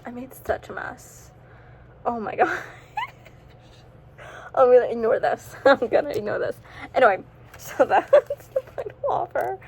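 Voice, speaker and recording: Giggly, scattered teen girl with a lively voice. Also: fairly high pitch, a little hiss or hum, rough recording. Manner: chatty and scattered, giggly, breaks off mid-sentence. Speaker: book vlogger. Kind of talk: casual reading recap vlog.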